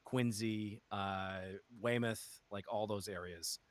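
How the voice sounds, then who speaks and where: A man's voice: on the low side, steady tone, takes it slowly. A man from western Massachusetts, a streamer guest in casual chat, rambling with many restarts and frequent laughter. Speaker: guest, actual play streamer.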